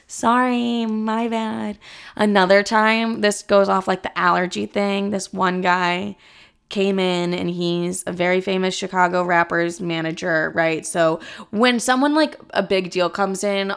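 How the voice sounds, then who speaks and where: A young adult woman telling a casual story about working as a server, animated, filling her speech with "like" and casual swearing. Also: medium pitch, a little slow, creaky, clean tone. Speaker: vlogger recounting past server job.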